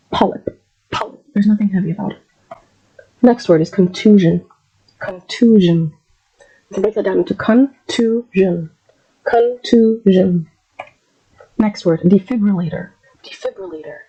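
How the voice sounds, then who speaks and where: A woman who is a little sick, teaching an English pronunciation lesson and drawing out each word slowly so it can be repeated. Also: medium pitch, mellow, slightly rough, dull audio. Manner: slow, drawn-out modeling of words. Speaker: English accent coach.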